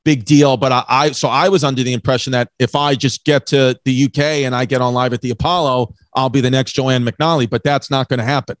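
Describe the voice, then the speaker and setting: A man's voice: medium pitch, steady tone, brisk, hardly any pauses, no echo. A man from New York with a New York accent, a comedian hosting a podcast, rambling in a joking way and repeating his words. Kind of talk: casual podcast chat.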